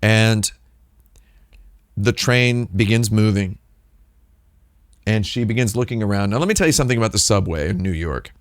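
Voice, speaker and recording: Low-voiced man spinning a rambling story. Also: moderate pace, pauses often, no room sound, studio quality. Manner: rambling, digressive, wry asides. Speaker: livestream host. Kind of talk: casual storytelling on a livestream.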